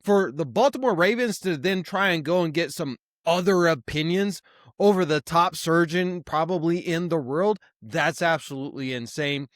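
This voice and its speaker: Guy hosting a sports podcast, kinda high voice, dry close sound, gets fired up making his point. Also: moderate pace, no room sound. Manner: emphatic, building outrage. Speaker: podcast host. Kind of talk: ad read and sports commentary.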